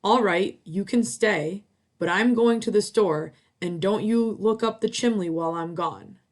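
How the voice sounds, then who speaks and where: A woman's voice: medium pitch, unhurried, lightly acted. A woman voicing an old witch guarding her gold, with a sing-song chant. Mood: bossy.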